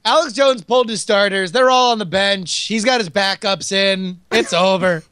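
A male co-host trades wisecracks in casual banter. His voice is very high and bright, with lively swings, recorded dry and close. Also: moderate pace, clean tone, no echo. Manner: wisecracking, sports-metaphor banter. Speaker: podcast co-host. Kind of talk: casual reaction commentary.

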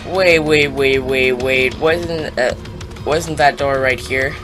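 A young man giving casual, rambling commentary on a shooter game, mocking himself and loudly taunting the enemies. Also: medium pitch, steady tone, takes it slowly. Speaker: gaming YouTuber. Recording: game music playing behind the voice.

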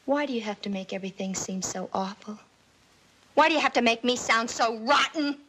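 A woman's voice: a little high, fairly quick, a bit bright, slight background noise, natural voice, rough recording. A young actress playing a shy, frightened teenage girl in a 1950s TV drama, timid and pleading.

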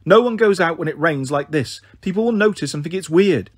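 A man doing a sharp bossy older sister. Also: fairly high pitch, lively intonation, brisk, breathy edge, dry recording, clean studio sound. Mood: snappish. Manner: snappish, in charge.

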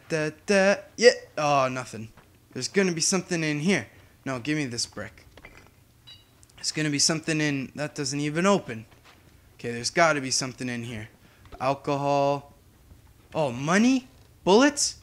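A man's voice: mid-range voice, a bit bright. A young man giving casual, chatty gameplay commentary as a YouTuber, humming and drifting off topic. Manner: chatty, distracted, hums to himself. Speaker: gaming YouTuber.

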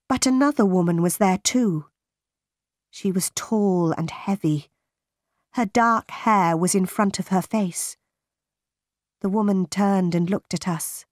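Woman narrator, learner audiobook, clear and deliberate, very slow, dry. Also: medium pitch, a little mellow, no echo. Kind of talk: slow graded reader narration for English learners.

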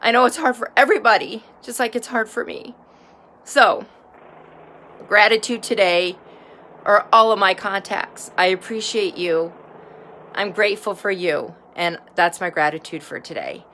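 A woman's voice: medium pitch, moderate pace, pushed and bright, a little hiss or hum. A woman filming herself outdoors, talking earnestly and encouragingly straight to her viewers about gratitude. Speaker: vlogger sharing daily gratitude. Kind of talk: casual heartfelt self-filmed talk.

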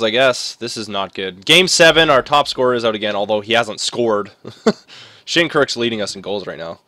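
Young male gaming commentator, low-ish voice, up-and-down emotional play-by-play. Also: dry recording. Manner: swings between groaning frustration and excited cheering. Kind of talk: casual let's-play commentary.

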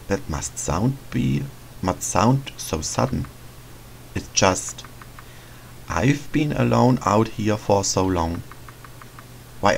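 A man reads a kindly, lonely witch who longs for a child to look after. Her voice sits low and gravelly. She speaks slowly and gently, and her pitch swings up and down. A faint hiss sits behind her. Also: full character voice, rough recording. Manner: soft, motherly, hesitant, sighing. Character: lonely, gentle female forest witch, middle-aged. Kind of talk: reading game dialogue aloud in a let's play.

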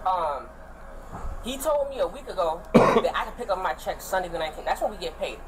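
A man's voice: high-pitched, animated, fairly quick, very noisy. A man arguing insistently with staff about his pay, repeating himself. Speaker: fired fast food worker. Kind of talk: heated argument.

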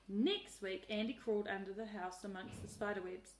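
A woman teacher reading a picture book aloud in a lively, expressive way. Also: medium pitch, normal speed. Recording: roomy echo.

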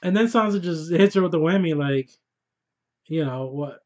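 A man reviews a TV episode in loose, casual chat, swearing freely and laughing as he goes. His voice sits a little high for a man and he gets worked up easily. The audio is somewhat dull and lo-fi. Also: normal speed. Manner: excitable, profane, laughs often. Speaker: TV show reviewer. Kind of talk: casual spoiler review vlog.

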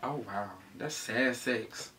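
Joking man, bright voice, mic a bit distant. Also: medium pitch, slow. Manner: joking, teasing. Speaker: co-host. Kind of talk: casual chat. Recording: slightly distant mic with faint noise.

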